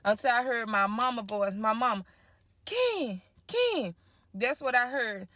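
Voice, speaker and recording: A woman's voice: a little high, fairly even intonation, fairly quick, bright, forceful tone, dry recording, studio quality. A woman giving an emotional first-person account of a frightening night. She talks colloquially, repeats her phrases and speaks to listeners as y'all. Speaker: storyteller giving a testimony.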